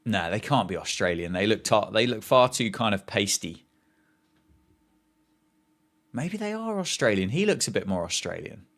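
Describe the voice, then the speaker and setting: A man's voice: lowish voice, animated, brisk, few pauses, fairly bright tone. A man hosting a live cricket watchalong, chatting casually, joking and reacting to play and viewer comments.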